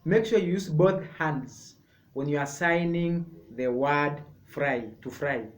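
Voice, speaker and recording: A man teaching a sign language lesson, explaining each sign slowly and repeating words step by step. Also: fairly high pitch. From Kenya. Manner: slow, repetitive, explaining step by step. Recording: echoey room.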